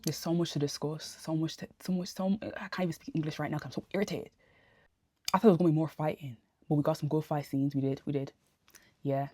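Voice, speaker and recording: A woman giving a casual spoken TV review into a phone camera, ranting in an animated, exasperated way full of slang. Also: low-pitched, fast talker, no room sound. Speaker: TV review vlogger. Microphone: phone camera held close.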